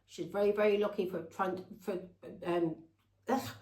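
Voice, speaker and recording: A blunt woman rambles through a personal story to her viewers, swearing without a second thought. Her voice sits at an ordinary middle pitch. The room around her rings with a noticeable echo. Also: fairly even intonation, moderate pace, a little mellow. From England. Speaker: tarot reader.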